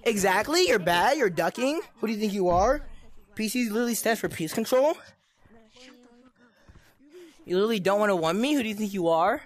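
Young woman, mid-pitch, trash-talking gamer in voice chat, taunting and repetitive. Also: expressive, brisk, pauses often. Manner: taunting, repetitive mock-tough insults. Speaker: gameplay streamer.

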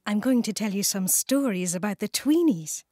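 A British woman narrating a children's storybook, warm and clearly enunciated. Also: medium pitch, expressive, no echo, faint music behind. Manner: warm, slow, clearly enunciated, sing-song. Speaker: audiobook narrator.

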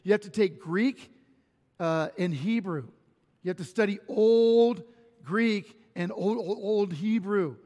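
A man's voice: high-pitched, big-room sound. A man pastor delivering a sermon, telling personal stories animatedly with self-deprecating humor and frequent restarts. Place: church sanctuary.

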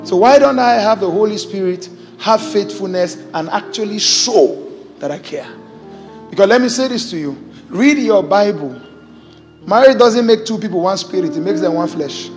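A man's voice: high voice, animated, moderate pace. A Nigerian man preaching a sermon as a pastor, exuberant and exclaiming, joking with the congregation. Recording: hall reverb with faint music.

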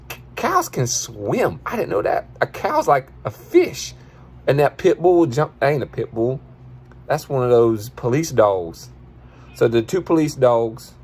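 A man doing a rambling, husky goofy commentator. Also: mid-range voice. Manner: rambling, excitable, colloquial. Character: goofy slang-talking male video commentator. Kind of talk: comedic video commentary.

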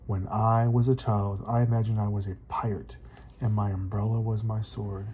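A man's voice: lowish voice, little pitch movement, moderate pace, slight background noise, lightly acted. A man reading as a patient storybook elephant. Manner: patient, polite, gently firm. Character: calm, kindly male elephant with an umbrella.

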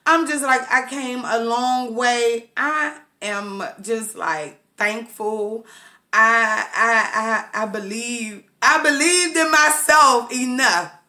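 A woman hosting her own podcast, talking in an emotional, nervous, excitable way and calling listeners baby and boo. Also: fairly high pitch, slow. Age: adult with children. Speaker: podcast host. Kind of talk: casual motivational talk. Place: Maryland, USA.

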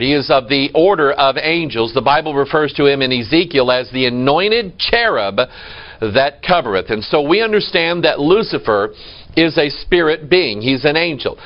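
A man's voice: a little high, lo-fi sound. A man preaching a sermon in a church, emphatic and quoting scripture. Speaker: pastor.

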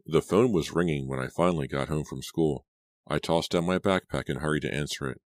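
A male audiobook narrator with a very deep voice, telling a story in first person with a measured delivery. The reading sounds close and dry, with no room echo.

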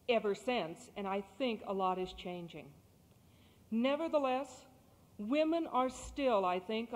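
Articulate woman giving a speech. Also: a little high. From Texas. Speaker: guest speaker. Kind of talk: prepared public speech. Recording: cassette recording in a reverberant hall.

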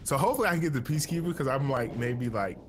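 A man's voice: medium pitch, animated, rapid-fire, soft background music. A man joking and teasing through casual banter while playing a video game with a friend. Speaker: gaming co-host.

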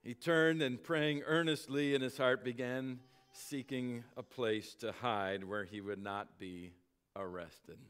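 A male pastor preaching a sermon, telling a story with dramatic slowing and volume that sinks at phrase ends. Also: medium pitch, steady tone, a bit bright, clean tone.

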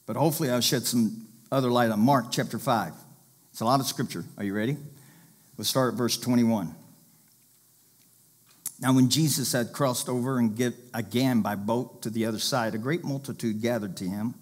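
A male pastor preaching a sermon, reading scripture aloud and urging listeners to pay attention. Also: mid-range voice.

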